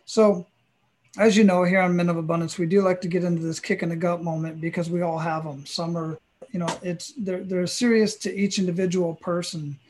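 A man with a notably high voice hosts an interview podcast. He sounds enthusiastic and tends to ramble while he frames his questions. The audio comes through a remote call. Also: flat delivery, fairly quick, darkish tone, a little hiss or hum. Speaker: podcast host.

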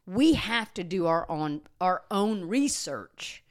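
A woman co-hosting a podcast on dog training, explaining in an earnest, steady way and sometimes slowing and softening her voice. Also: on the low side. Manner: earnest, explanatory, slows and softens to demonstrate calm talk. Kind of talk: casual podcast chat.

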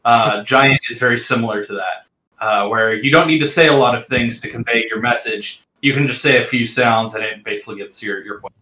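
A man's voice: medium pitch, fairly quick, bright, forceful tone. A man narrating as game master of a tabletop game, describing scenes with frequent fillers and restarts. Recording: roomy echo.

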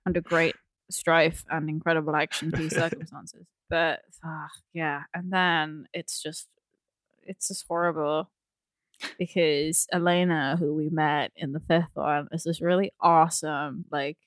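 A woman co-hosting a podcast, making sarcastic, animated remarks about a film. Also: deep voice, measured pace, no echo. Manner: sarcastic, animated, laughs often. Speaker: podcast co-host. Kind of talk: casual movie review chat.

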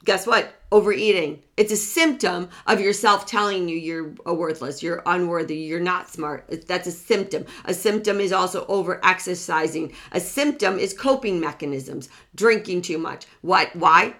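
A woman's voice: lowish voice, normal speed, few pauses, a bit bright. A woman giving a motivational self-help talk to an audience. She speaks earnestly, repeats key words and asks rhetorical questions as she goes.

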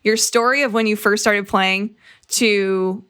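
A woman's voice: medium pitch, fairly even intonation, a little slow, pushed and bright, clear, resonant tone. A young woman hosting a sports podcast, talking in an upbeat, enthusiastic way. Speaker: podcast host. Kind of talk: casual podcast chat.

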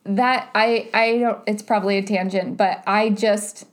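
Chatty woman, animated and rambling. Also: mid-range voice, unhurried. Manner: animated, lots of "like" and "right?". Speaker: podcast co-host. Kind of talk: casual couples chat.

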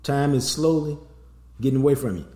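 A man's voice: mid-range voice, a little fast, dark tone. A middle-aged man hosting a sports podcast, talking in a loose, streetwise way and slipping in promo plugs. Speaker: podcast host. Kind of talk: casual sports podcast chat. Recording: roomy echo.

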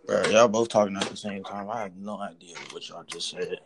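A man's voice: low-pitched, steady tone, a little fast, background noise. A man talking from his car into a phone pressed to his mouth, exasperated and swearing as he laughs off the bad connection. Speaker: podcast guest. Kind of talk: casual chat over a call. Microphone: phone held close.

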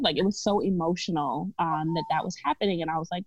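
A woman talks candidly as a podcast guest. Her voice sits a bit low and she laughs easily. The sound is dry and slightly dull, as on a lo-fi recording. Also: fast, hardly any pauses, dry recording. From Brooklyn, New York. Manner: candid, chatty storytelling with frequent laughs. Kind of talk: casual podcast conversation.

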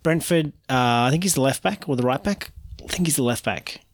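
A man trades cheeky jokes as co-host of a casual podcast. His pitch is average. The recording is dry and close-miked. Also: animated, fairly quick, dry recording. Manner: cheeky, jokey.

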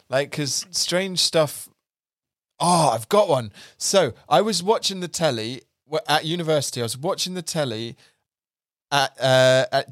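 A man's voice: medium pitch, dry recording, clean studio sound. A young British man hosting a podcast, telling stories in a chatty, self-deprecating way. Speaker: podcast host. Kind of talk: casual chat.

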